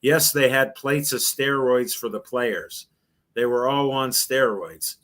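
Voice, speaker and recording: An older man who once hosted sports radio tells rambling anecdotes in a casual interview, acting out the voices of people he quotes. His voice is medium-pitched, a bit bright, and he takes it slowly.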